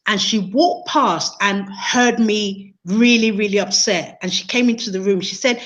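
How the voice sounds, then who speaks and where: Earnest woman, mid-pitched, recounts a personal story on a muffled video call. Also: unhurried, few pauses, fairly bright tone. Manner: earnest, emotional, repeats words and restarts. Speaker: interview guest, training consultant.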